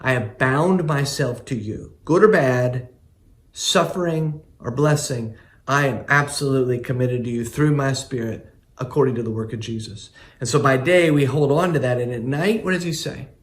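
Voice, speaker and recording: A male pastor giving a sermon, earnest and emphatic, with pauses between phrases. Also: medium pitch, roomy sound.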